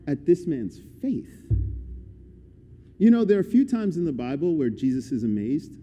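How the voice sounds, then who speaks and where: A man preaching a sermon as a guest speaker, animated and swinging between quiet and loud passages. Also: a little high, normal speed, breathy edge. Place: church hall. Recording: church hall reverb.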